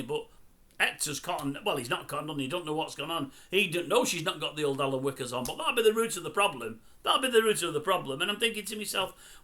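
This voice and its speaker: A man's voice: fairly high pitch, pushed and bright. An older man grumbling and mocking in a chatty celebrity commentary video. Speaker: YouTube commentator.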